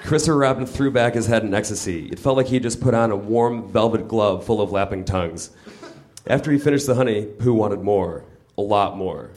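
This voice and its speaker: A man reading a comic story aloud in a deadpan, mock-literary manner on a small comedy theater stage. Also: fairly low pitch, fairly quick. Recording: live stage mic with audience laughter noise.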